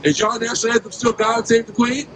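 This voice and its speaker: A man's voice: very high voice, little pitch movement, fast talker. A man preaching outdoors on a city street, questioning passersby and repeatedly asking "right?". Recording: street noise and traffic.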